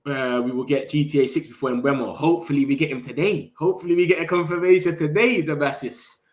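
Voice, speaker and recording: Excitable young man on a live stream. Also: on the high side, fast. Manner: excitable, slangy, talks straight to chat. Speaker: football livestream host. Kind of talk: casual live-stream chat reacting to chat.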